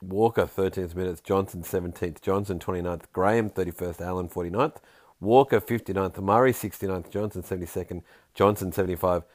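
A man hosting a podcast in a casual, jokey way, reading listener tweets aloud with quick asides. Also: deep voice, steady tone, a little mellow, dry recording, clean studio sound. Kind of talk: casual chat.

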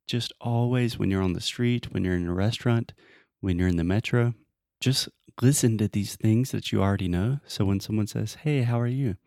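A podcast host and English teacher from the Southern United States gives learners upbeat, step-by-step advice in a casual chat, with a Southern American accent. His voice is on the low side and darkish, with vocal fry at normal speed. The studio sound is clean with no room sound.

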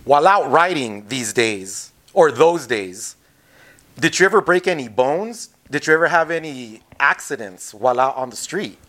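A man's voice: medium pitch, animated, normal speed, fairly bright tone. A man hosting a podcast, asking a guest short, curious questions. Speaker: podcast host. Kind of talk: interviewing a guest.

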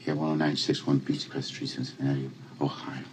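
An actor playing a grown man who speaks in a monotone and recites dates and numbers exactly. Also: very deep voice, brisk, slight background noise. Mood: flat reciting. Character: adult man with a flat, fact-reciting way of speaking. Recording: dull lo-fi film audio.

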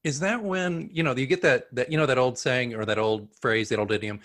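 Man, interview host, mid pitch, rambling questions, casual talk. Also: fairly quick, few pauses, a bit bright. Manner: rambling, many restarts and "you know". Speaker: host, communications advisor. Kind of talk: interview hosting, casual chat.

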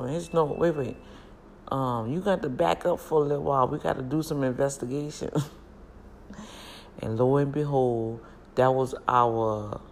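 Chatty gravelly woman telling family stories. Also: a bass voice, slight background noise. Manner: chatty, animated, laughs a lot. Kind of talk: casual storytelling to viewers.

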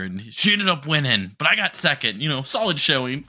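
A man's voice: fairly high pitch, big pitch swings, a little fast, few pauses, sharp tone. A man co-hosting a podcast, describing a race with enthusiasm in casual conversation. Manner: enthusiastic, explanatory. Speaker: podcast co-host.

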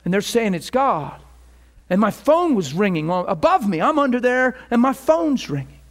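A middle-aged man preaching, telling a story and acting out both sides of phone calls. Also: normal speed. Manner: animated, acts out phone calls with rising pitch. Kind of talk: storytelling sermon.

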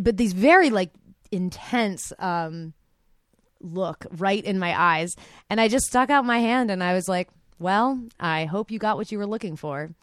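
A woman's voice: medium pitch, no echo. A woman telling a personal anecdote in a chatty way, full of "like" and quoted asides. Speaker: storyteller.

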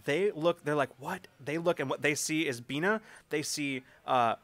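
A man's voice: fairly high pitch, normal speed, fairly bright tone, dry recording. A man narrating a tabletop game as game master in a casual, rambling way with many fillers. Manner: casual, filler-heavy narration with frequent laughs.

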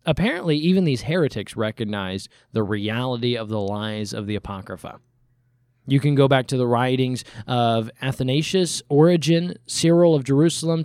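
A man preaching a sermon, asking rhetorical questions and using deliberate pauses, rising sharply on key points and dropping low to finish them. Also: a little mellow, no echo, clean studio sound.

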